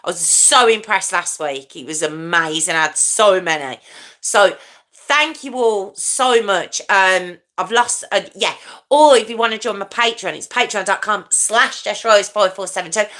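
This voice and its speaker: A woman's voice: medium pitch, moderate pace, fairly bright tone. A woman in her forties hosting a casual live stream, chatty and rambling, teasing herself and answering viewer comments.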